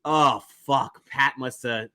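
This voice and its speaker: A man hosting a podcast in casual chat, jokey and quick to act out quotes. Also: mid-range voice, smooth. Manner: lively, jokey, quotes himself and others. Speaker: podcast host.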